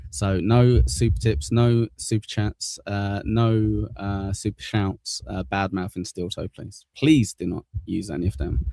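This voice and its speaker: A man's voice: on the low side, warm tone, no room sound. A man hosting a casual live stream, blunt and swearing, reading viewer messages aloud.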